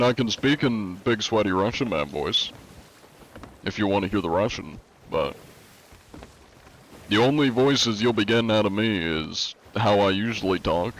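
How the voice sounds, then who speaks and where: A man with a fairly low voice chats casually through a live game stream. He reads viewer messages aloud and answers them at an easy pace, leaning on plenty of "uh" fillers. A faint hiss sits under the recording. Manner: laid-back, reads chat aloud and answers it; frequent "uh" fillers.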